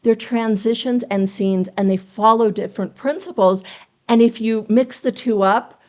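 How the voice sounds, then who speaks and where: Teacherly woman with a bright, higher voice. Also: normal speed. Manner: teacherly, earnest, explains step by step with rhetorical questions. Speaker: memoir writing coach, podcast guest. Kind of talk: explanatory interview talk.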